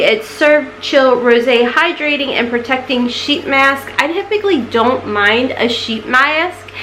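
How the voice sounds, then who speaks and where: A woman's voice: fairly bright tone, a little hiss or hum, rough recording. A woman, chatting casually through a beauty box unboxing and easily distracted. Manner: chatty, easily distracted, coos at her cat in a high voice. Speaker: beauty vlogger.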